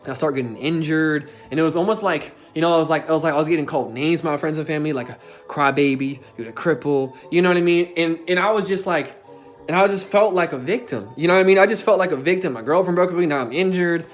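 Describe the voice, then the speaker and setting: A man's voice: on the high side, quick pace, soft background music. A young man telling a personal story in a casual, emphatic way, as a self-development coach. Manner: casual and emphatic, with frequent filler tags and swearing.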